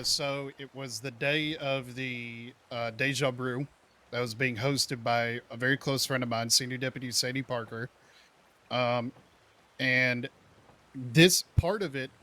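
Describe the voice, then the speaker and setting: Man, bright forceful tone, steady in-character account peppered with curses. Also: medium pitch. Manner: measured, detailed retelling with blunt cursing. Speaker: role-play character giving an account. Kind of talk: in-character role-play talk.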